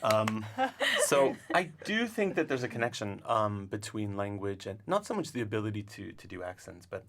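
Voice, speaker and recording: A man's voice: lowish voice, very animated, brisk, fairly bright tone. A man talking in a studio interview, thoughtful and searching for words, with frequent restarts. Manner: thoughtful, many restarts and fillers. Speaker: language instructor. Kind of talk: casual interview talk.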